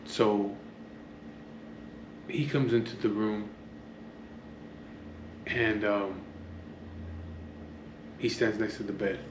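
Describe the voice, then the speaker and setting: A man's voice: fairly low pitch, fairly even intonation, very slow, long pauses, echoey room, noisy background. A man telling a story casually to camera from his home, rambling, swearing often and drifting into asides. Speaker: vlogger. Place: at home, near an open door to the street.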